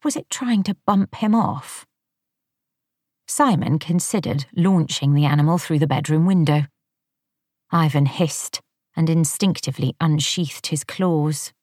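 A woman narrating an audiobook in a measured, wry storytelling manner. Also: low-pitched, a little mellow, dry recording, studio quality.

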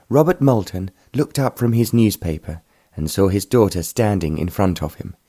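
A man narrating a period romance novel in a measured, even storytelling manner. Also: low-pitched, husky. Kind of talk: scripted audiobook narration.

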